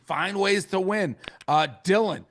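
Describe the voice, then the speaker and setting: A man's voice: sits high, measured pace, a bit bright. A man hosting a casual sports talk show, loose and chatty as he hands off to callers. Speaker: host.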